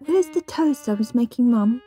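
A woman's voice: fairly high pitch, expressive, normal speed, dark tone, faint music behind, pitched above the performer's own voice, close to an everyday voice. A woman voicing a prim, goody-goody little boy in a storybook reading, prissy and whiny.

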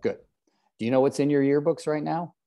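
Mellow-voiced older man coaching with jokes. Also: a little high, brisk. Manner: joking, self-deprecating, calls on trainees by name. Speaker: real estate coach. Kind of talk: live group coaching session.

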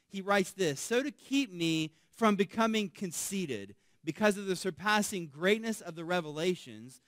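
A man's voice: high-pitched, dry recording, clean studio sound. Emphatic man preaching a sermon. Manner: emphatic preaching, rising loud on key phrases, dropping soft on asides. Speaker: pastor.

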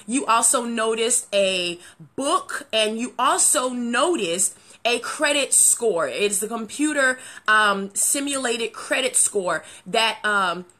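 A woman hosting a live video talk show, excitedly greeting viewers by name in casual talk, with loud high exclamations.

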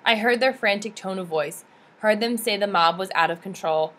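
A woman's voice: mid-range voice, normal speed. Earnest woman reading a memoir aloud. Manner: steady, earnest storytelling. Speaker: audiobook reader.

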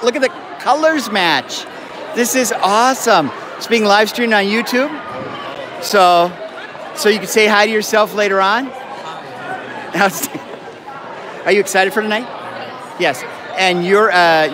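A man hosting a live stream in a school gym, joking with students and often apologizing. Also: high voice. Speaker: event host live streaming. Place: school gym with a crowd, indoors. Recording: loud crowd chatter and noise. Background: crowd chatter.

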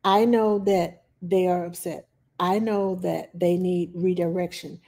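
A woman nanny giving parenting advice in a calm, plain-spoken casual talk, with frequent pauses and fillers. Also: fairly low pitch.

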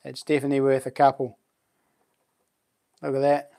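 A man's voice: medium pitch, monotone, moderate pace, gravelly. A man with a New Zealand accent hosting a casual live stream, chatting loosely and thanking viewers for their support. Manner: chatty, thanks viewers warmly, lots of fillers and laughs. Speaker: livestream host and knifemaker.

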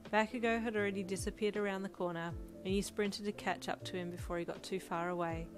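A woman reading second-person fanfic narration in a soft, even storytelling manner. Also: mid-range voice, fast. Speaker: audiobook narrator. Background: music.

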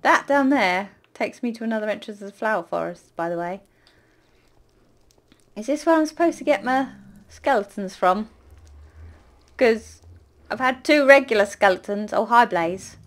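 A woman casually commentating her own gameplay, chatting to the game's creatures and breaking into loud panicked apologies. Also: a little high, expressive, moderate pace, pauses often. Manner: chatty, talks to the game mobs, panics loudly with repeated exclamations. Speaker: gaming YouTuber.

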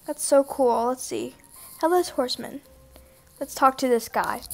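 A woman giving excited gameplay commentary to her viewers, gushing, gasping often and calling out to them constantly. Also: high-pitched, a little slow, vocal fry. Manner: gushing, gasps often, keeps saying "you guys". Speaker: gaming video creator.

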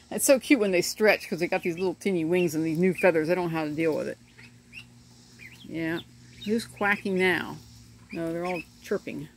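A middle-aged woman chatting in a rambling, casual way while filming her ducklings outdoors on a handheld phone, often laughing as she talks. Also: lowish voice. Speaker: homesteader vlogger. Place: outdoors in a yard by animal pens. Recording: faint outdoor noise with birds. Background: ducklings chirping and outdoor ambience.

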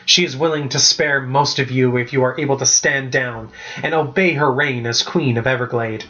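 Man voicing a haughty teen lord, stern, commanding, middle pitch, dull lo-fi audio. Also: fairly even intonation, moderate pace, pushed and bright, close to an everyday voice.

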